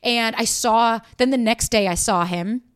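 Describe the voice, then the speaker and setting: A young woman hosting a podcast, telling a personal dating story in a candid, profane way and acting out quoted lines in lively voices. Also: fairly high pitch, unhurried, smooth. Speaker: podcast host. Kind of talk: casual storytelling monologue.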